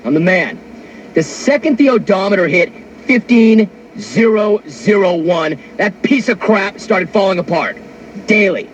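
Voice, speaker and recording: A man's voice: high voice, slight background noise, poor audio. A man hosting a talk radio show, telling a story in a brash, wisecracking monologue into a studio mic. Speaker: sports radio host.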